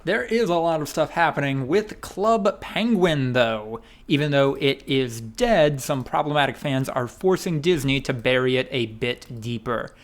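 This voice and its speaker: Upbeat male co-host reading news. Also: mid-range voice. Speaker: podcast co-host. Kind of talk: casual chat and news segment.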